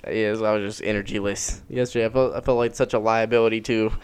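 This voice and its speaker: Smooth-voiced North Carolina young man. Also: on the low side, level tone. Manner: halting, repeats his words. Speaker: podcast co-host. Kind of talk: casual chat.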